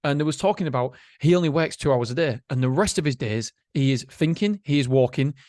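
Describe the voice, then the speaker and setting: A man's voice: a little high, brisk, no echo, studio quality. Chatty man hosting a podcast. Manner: chatty, animated, swears casually. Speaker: podcast host. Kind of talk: solo motivational podcast monologue.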